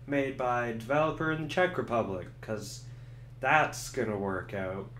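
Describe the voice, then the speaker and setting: A young man giving a sarcastic, swearing comedic review of a video game and acting out the characters in quick voices. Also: medium pitch, fairly bright tone, slight background noise. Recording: echoey room.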